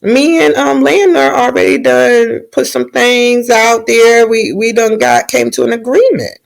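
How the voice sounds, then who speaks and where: A woman's voice: fairly high pitch, steady tone, unhurried, vocal fry, voice pushed up. A woman voicing a young princess who talks in a blunt, scornful way.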